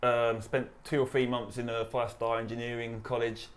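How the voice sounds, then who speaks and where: A man in his thirties from East London, with a London accent, a charity founder and army veteran telling his story in a relaxed, chatty way. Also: medium pitch, normal speed. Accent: London English. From East London, England. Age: 30s. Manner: relaxed, chatty, laughs while retelling. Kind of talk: casual interview storytelling.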